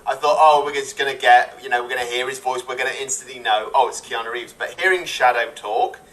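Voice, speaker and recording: A man chatting excitedly on a casual online panel, tripping over his words as he starts sentences. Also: medium pitch, fast, recorded from a distance, rough recording. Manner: excitable, stammering restarts.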